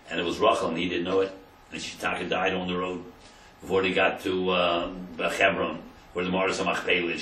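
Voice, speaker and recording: A low-voiced man teaches a Torah class as a rabbi. He tells the story and acts out the quotes, dropping to quiet asides and rising to loud emphasis. The sound is roomy and echoey, with a faint background hum. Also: recorded from a distance.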